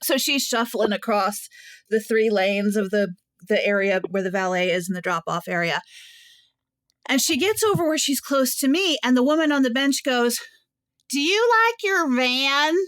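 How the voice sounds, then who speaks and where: A woman co-hosting a podcast, telling animated stories in casual chat and laughing often. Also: a little high, moderate pace, no room sound. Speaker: podcast co-host. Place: Nashville.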